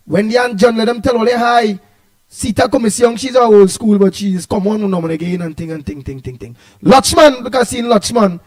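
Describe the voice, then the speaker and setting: High-voiced Trinidadian man, chatty host. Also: normal speed. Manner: rambling and repetitive, stumbling over words; playful, teasing banter. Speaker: host of an online talk show. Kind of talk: casual live-stream chat greeting viewers.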